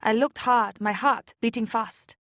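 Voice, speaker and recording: A woman's voice: on the high side, steady tone, a little slow, fairly bright tone, no room sound. Woman reading a story aloud, dry and close. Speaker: audiobook reader. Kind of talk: scripted narration.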